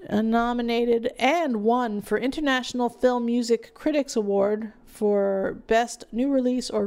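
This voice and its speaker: A woman's voice: fairly high pitch, a little mellow. A woman co-hosting a casual film podcast, rambling through award lists with lots of fillers. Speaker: podcast co-host. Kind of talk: casual film review chat.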